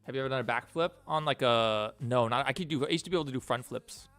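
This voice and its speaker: A man's voice: mid-range voice, quick pace, a bit bright, dry recording, faint music behind. A man streaming as an animator, chatting casually and thinking aloud while he works. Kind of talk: casual live stream chat.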